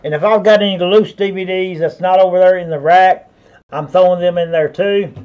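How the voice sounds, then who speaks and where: A man's voice: high-pitched, steady tone, brisk, muffled recording. A man with a Southern US accent running a live online auction, rambling in a folksy way and calling viewers by name. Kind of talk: live-stream auction patter.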